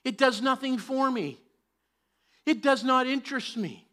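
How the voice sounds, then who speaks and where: A man preaching a sermon in church, joking and chatty at times and then rising to loud, emphatic preaching. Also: very high voice, unhurried. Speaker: pastor.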